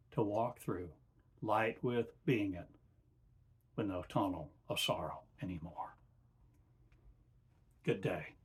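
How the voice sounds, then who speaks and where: Very slow, breathy man channeling. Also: fairly low pitch. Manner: slow, halting short phrases, often trailing off softly. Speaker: spiritual teacher. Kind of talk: channeled spiritual address.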